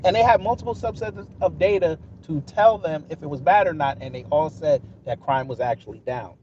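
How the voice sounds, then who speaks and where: A man's voice: a little high, brisk, a little mellow. A man live-streaming from his car, answering his chat in a combative, sarcastic, mocking way. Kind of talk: live-stream commentary while driving. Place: inside a moving car. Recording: lo-fi phone audio with road noise.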